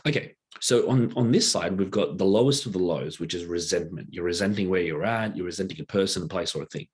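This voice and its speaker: A man's voice: sits low, fast, breathy edge. A man giving a casual teaching talk as a workshop presenter, loose and conversational, with many rhetorical checks, drawing a diagram as he explains.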